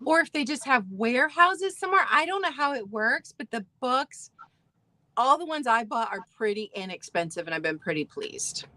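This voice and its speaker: Bright high-voiced chatty woman. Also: lively intonation, dry recording. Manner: enthusiastic, quick, giggly. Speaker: co-host of a live vintage sale. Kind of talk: casual chat.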